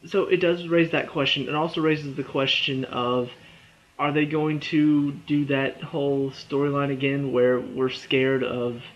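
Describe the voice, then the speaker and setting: A man's voice: medium pitch, flat delivery, unhurried. A young man casually reviewing a movie trailer, rambling and chatty with lots of fillers and restarts, sounding a bit tired. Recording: dull lo-fi recording.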